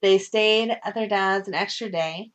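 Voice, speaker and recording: A woman in her thirties chats casually as a podcast co-host. Her voice sits mid-range and rises sharply when a story gets exciting, and she laughs often. The recording sounds dull and slightly lo-fi. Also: medium pitch, a little slow. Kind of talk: casual chat. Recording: dull lo-fi audio.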